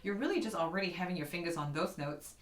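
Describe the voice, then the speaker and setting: A woman's voice: fairly low pitch, fast. A woman giving a casual piano lesson, chatting with viewers as guys and scatting rhythms aloud. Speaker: piano teacher. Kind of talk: casual online keyboard lesson. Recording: echoey room with piano.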